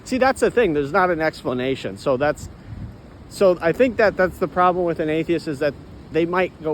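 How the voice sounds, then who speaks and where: Brief: high-voiced man, rambling walk-and-talk, frequent throat clearing, faint hiss behind. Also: expressive, moderate pace, rough recording. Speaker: vlogger. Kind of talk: rambling monologue while walking. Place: outdoors, walking.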